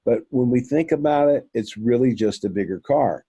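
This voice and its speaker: A man tells his story as an interview guest, full of ums and restarts, calling his listeners "folks." His voice is mellow and warm. The sound is dry, with no room around it. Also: medium pitch, moderate pace, husky, no echo, highs cut off. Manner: rambling, many fillers and restarts; earnest, addresses listeners as folks. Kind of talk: recounting a personal experience.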